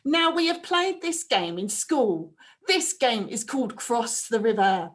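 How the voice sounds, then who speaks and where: A woman teacher leads young children through a phonics lesson. She speaks slowly and deliberately in a bouncy sing-song voice that rises high on each sound. Her pitch sits a little above average. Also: sing-song. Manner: slow, clear, sing-song prompting with drawn-out sounds. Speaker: primary school teacher.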